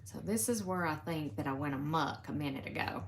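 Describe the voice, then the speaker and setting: A woman with a Southern US accent chatting casually to viewers on a live stream from home as she stitches. She talks to them as "y'all" and drops into soft murmurs while she works. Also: low voice, fairly quick, slight background noise. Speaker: craft live-stream host.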